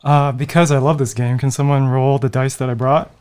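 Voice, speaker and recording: A man playing a tabletop game, describing his character's actions slowly and flatly. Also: medium pitch, clean tone. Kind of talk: casual tabletop play.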